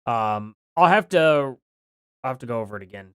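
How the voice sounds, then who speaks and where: A man hosts a casual livestream, chatting and reading donations aloud while apologizing for words slurred by a bitten tongue. His mid-range voice is expressive, clear, and resonant at a normal speed. The recording is dry and studio clean.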